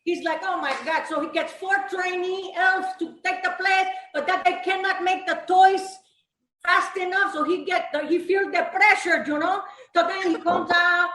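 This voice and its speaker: A woman's voice: very high-pitched, fairly even intonation, normal speed, bright, forceful tone, echoey room, low-quality recording. A woman playing a brassy, flirty Mrs. Claus with a voice, laughing through her lines at a live comedy roast. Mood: storytelling. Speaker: roast guest.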